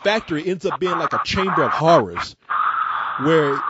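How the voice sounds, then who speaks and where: A man hosting a casual call-in show, an excitable storyteller who acts out scenes with loud bursts. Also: fairly high pitch, normal speed, highs cut off, heavy background noise.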